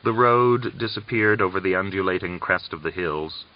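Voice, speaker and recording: Man reading a novel aloud, measured and steady, really deep voice, kinda muffled old recording. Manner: measured, literary. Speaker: audiobook narrator. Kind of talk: scripted narration of a novel.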